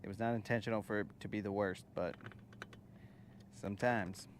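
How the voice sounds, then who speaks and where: A man hosting a casual fishing livestream outdoors on a boat on a lake, relaxed and slangy, chatting to viewers and coaxing the fish. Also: fairly low pitch, normal speed, a little hiss or hum. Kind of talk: casual live-stream chat while fishing. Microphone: phone camera on the boat.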